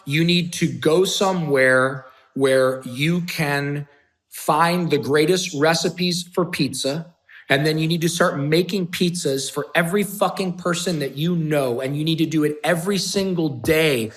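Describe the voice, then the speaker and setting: A man's voice: on the high side, fairly bright tone. A middle-aged man, a guest on an interview show, telling candid stories in a blunt, emphatic way with frequent swearing. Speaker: podcast guest, entrepreneur. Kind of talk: candid storytelling.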